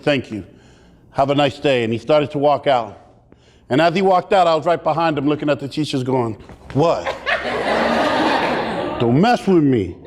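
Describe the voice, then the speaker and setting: A man speaking on stage, telling a personal story in a lively, joking, animated way. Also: high voice. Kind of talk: comic personal storytelling speech. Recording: long hall reverb.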